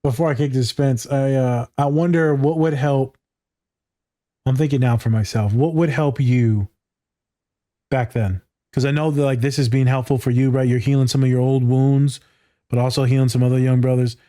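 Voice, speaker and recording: A man hosting a podcast who talks in an emotional, animated way and swears freely in casual conversation. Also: medium pitch, moderate pace. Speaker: podcast host.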